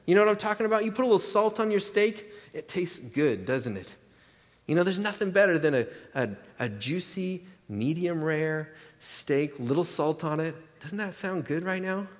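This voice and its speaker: A man preaching a sermon in a church sanctuary, his voice sitting a little high for a man. He keeps it conversational, with jokes and questions to the congregation. A long reverb trails his words through the hall. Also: expressive, normal speed. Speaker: pastor.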